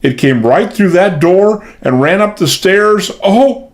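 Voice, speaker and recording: A man putting on a shrill, panicky maid. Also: huge pitch swings, takes it slowly, full character voice. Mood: hysterical. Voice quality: shrill, wailing. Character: terrified hysterical middle-aged maid. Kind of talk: audiobook character voice.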